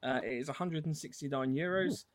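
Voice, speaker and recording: A man's voice: a little high, fairly quick, dry recording. A man hosting a casual live podcast, chatty, with many fillers and frequent laughs. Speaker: podcast host.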